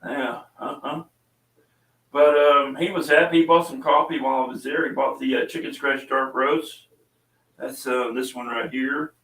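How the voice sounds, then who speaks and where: Middle-aged man, laid-back rambling host, mid pitch, roomy sound with the mic some distance off. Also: steady tone, moderate pace, bright, forceful tone. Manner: rambling, chatty storytelling with many fillers. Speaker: podcast host and small coffee seller. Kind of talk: casual chat. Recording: roomy echo, voice away from the mic.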